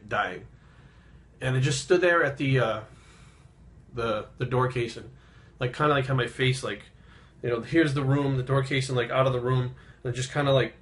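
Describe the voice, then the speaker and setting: Guy in his 30s telling a story on his vlog, halting and rambly, swears a lot, kinda subdued. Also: medium pitch, fairly bright tone. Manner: subdued and reflective. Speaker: fitness vlogger.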